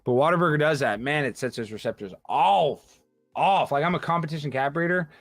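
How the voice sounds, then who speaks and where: A brash man hosting a casual livestream, reading viewer messages and breaking into sudden yelling outbursts. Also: on the high side, brisk, no echo, studio quality, soft background music. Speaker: livestream host.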